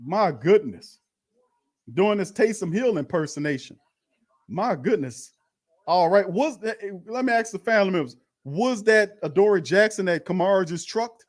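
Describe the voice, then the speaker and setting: A man hosting a fan watch party, calling plays in a slangy, animated way and talking to his chat. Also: high voice, normal speed. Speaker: fan host doing live play-by-play. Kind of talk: excited watch-party commentary.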